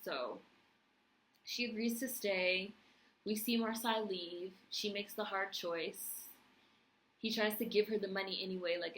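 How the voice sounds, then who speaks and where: A woman's voice: mid-range voice, a little slow, fairly bright tone, a little hiss or hum, poor audio. A young woman recapping a TV series on her vlog, passionate and blunt, swearing freely. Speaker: TV review vlogger. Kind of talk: casual recap and commentary.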